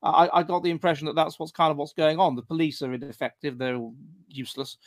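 A man's voice: a little high, fairly even intonation, fast talker. A man hosting a podcast interview, reading out listener questions with some hesitation. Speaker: podcast host.

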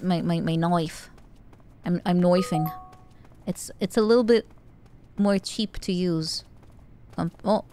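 Giggly woman streamer, lively pitch. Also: creaky, smooth. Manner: giggly, playful, stammering restarts. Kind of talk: live game commentary.

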